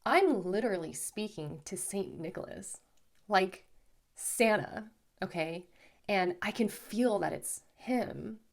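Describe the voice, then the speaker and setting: A woman host casually recounting a spiritual experience to her viewers, chatty and animated, often saying "like" and "okay". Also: medium pitch, takes it slowly, creaky. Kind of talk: casual storytelling to camera.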